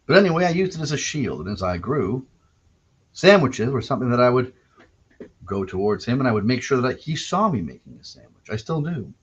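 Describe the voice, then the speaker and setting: This Canadian man's solo podcast is full of digressive, rambling anecdotes and dry self-corrections. He speaks briskly at a medium pitch with big swings, and his voice is slightly rough. The audio is dull and lo-fi.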